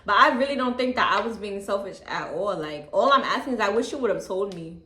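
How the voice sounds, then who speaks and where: A young woman telling a casual storytime, chatty and candid, with a calm, low-key delivery and lots of "like" and "you know what I'm saying.". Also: a little fast, roomy sound. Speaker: vlogger.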